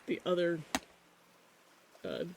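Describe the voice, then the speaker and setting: This is a live streamer in casual chat while drawing, with a voice of middling pitch. The talk rambles and drifts between thoughts. The streamer is easily distracted and makes light fun of themself. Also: huge pitch swings, slow, gravelly, noisy background. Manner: rambling, distracted, self-mocking.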